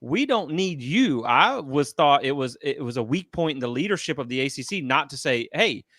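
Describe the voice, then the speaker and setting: A man's voice: medium pitch, brisk, a bit bright, dry recording, studio quality. A man in a casual sports podcast chat, building an argument point by point.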